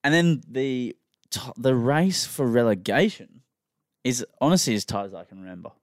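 A man's voice: mid-range voice, expressive, moderate pace, dry recording, clean studio sound. A man, hosting a casual podcast chat and rambling enthusiastically about sport. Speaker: podcast host.

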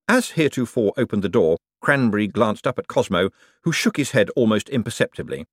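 A man narrating an audiobook in an expressive, storytelling manner. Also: on the low side, brisk, no room sound, studio quality.

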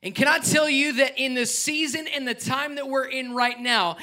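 A man preaching to his congregation in a lively, animated style. His voice sits high and bright. He surges into loud exhortation, then drops low for personal, confiding asides. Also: normal speed. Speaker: pastor. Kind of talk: sermon.

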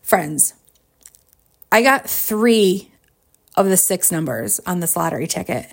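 A woman in her forties hosting a podcast, telling a personal story in a casual, animated way, with frequent laughs and fillers. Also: lowish voice, takes it slowly. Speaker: podcast host.

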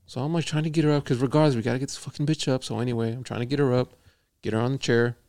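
A young man with a gravelly, creaky edge to his voice tells a long, rambling work story. He swears freely, laughs a lot and keeps it loose and conversational, like a podcast co-host talking with friends. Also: medium pitch, fairly even intonation, racing, a little mellow. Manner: profane, rambling, laughs often. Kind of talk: casual storytelling chat.

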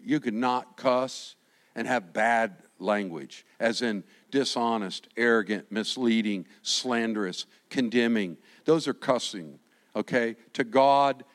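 A pastor preaching a lively sermon, acting out the quotes he reads and swinging from shouts to quiet asides. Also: medium pitch. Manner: animated, swings from shouting to soft, acts out quotes.

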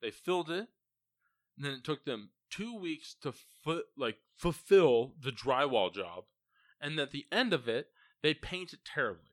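A man's voice: fairly high pitch, big pitch swings, measured pace, dry recording. A young man co-hosting a podcast, ranting and joking with lots of swearing in casual chat. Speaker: podcast co-host.

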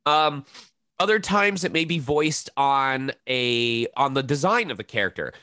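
A man in his thirties chatting casually in an interview about his voice-acting craft. He talks in an animated way and often drops into little demonstration voices. His pitch sits in the middle, and the recording is dry with no room echo. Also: unhurried. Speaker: voice actor guest.

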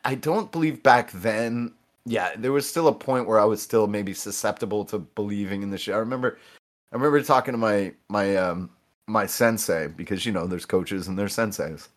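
A man's voice: on the low side, moderate pace. A man in his thirties, swearing freely and stopping often to restart as he tells fighting stories in a casual podcast chat. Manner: animated, profane, with many restarts and quoted voices. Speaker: podcast guest.

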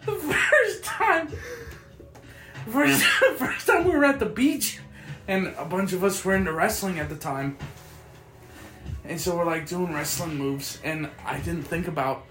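A man's voice: high voice, unhurried, long pauses, roomy sound, faint music behind. A man telling stories in a casual chat, profane and laughing as he goes. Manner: profane, laughing, animated storytelling. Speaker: podcast host.

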